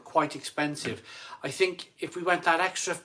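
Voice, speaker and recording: A man's voice: fairly high pitch, steady tone, normal speed, bright, forceful tone. A middle-aged man from England hosting a casual live stream, chatty and eager, often restarting his sentences. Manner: chatty, stumbling restarts, eager pleas for likes.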